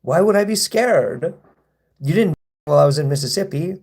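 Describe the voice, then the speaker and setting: A man's voice: fairly high pitch, expressive, moderate pace, darkish tone. A man on a live stream who reads viewer comments aloud and answers them, taunting, provoking and swearing at his hecklers. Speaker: livestreamer. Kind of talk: live stream reading chat comments and replying.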